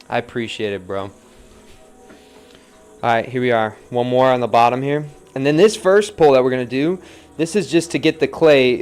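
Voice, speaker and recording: Laid-back man teaching pottery live. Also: mid-range voice. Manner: relaxed, chatty, reads viewer comments, counts aloud softly. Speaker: potter demonstrating on the wheel. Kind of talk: live-streamed pottery demo, casual teaching. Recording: faint music in background.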